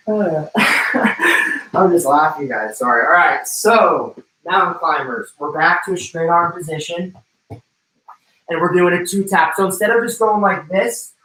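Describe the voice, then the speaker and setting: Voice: medium pitch, fairly bright tone, recorded from a distance. A personal trainer, out of breath, coaching a livestream workout, calling out intervals and form cues with some joking. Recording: roomy, away from the mic.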